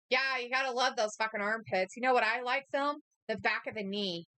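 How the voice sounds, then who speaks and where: Higher-voiced woman joking through a stream. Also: moderate pace, bright, forceful tone, dry recording. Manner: joking, blunt, swears freely. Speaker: co-host of a live wrestling watch-along stream. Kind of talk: casual live-stream commentary, reading chat aloud.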